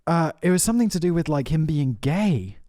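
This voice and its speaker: A man's voice: fairly high pitch, fairly quick, no echo, studio quality. A man hosting a podcast, casually telling prank stories and often trailing off mid-thought. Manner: animated storyteller who trails off mid-thought. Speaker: podcast host. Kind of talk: casual chat.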